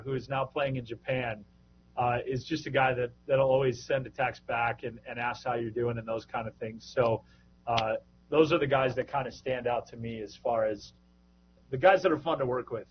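A man's voice: medium pitch, steady tone, normal speed, dull audio, slight background noise. A man co-hosting a casual podcast, telling rambling, joking stories about players he has worked with. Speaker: podcast co-host, minor league broadcaster.

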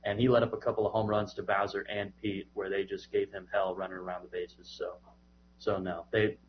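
Teasing low-voiced podcast man. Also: little pitch movement, fairly quick, lo-fi sound, slight background noise. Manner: teasing, laid-back. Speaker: podcast co-host. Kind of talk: casual podcast chat.

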